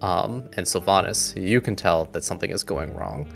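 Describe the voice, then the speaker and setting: A man narrating as game master of a tabletop game in a relaxed, measured way. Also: sits low, vocal fry, soft background music.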